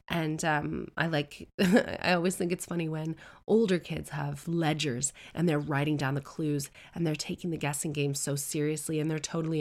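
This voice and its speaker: A woman in her thirties telling a chatty, self-deprecating personal story full of comic digressions. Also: sits low. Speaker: celebrity storyteller.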